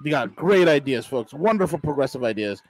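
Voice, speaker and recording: A man's voice: medium pitch, lively intonation, brisk, darkish tone, dry recording, rough recording. A man hosting a podcast, delivering a sarcastic, mocking political monologue with emphatic bursts. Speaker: podcast host.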